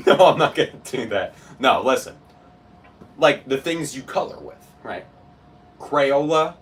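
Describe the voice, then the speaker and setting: A man's voice: a little high, lively intonation, slow pace, long pauses, a bit bright, far from the mic. A young man streaming live, ranting to his chat in a casual, incredulous way and laughing as he goes.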